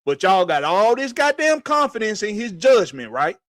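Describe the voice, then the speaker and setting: Host, male, high voice, heated profane rant, dry close sound. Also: big pitch swings, moderate pace, fairly bright tone, dry recording. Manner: profane, emphatic, repetitive ranting. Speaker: podcast host.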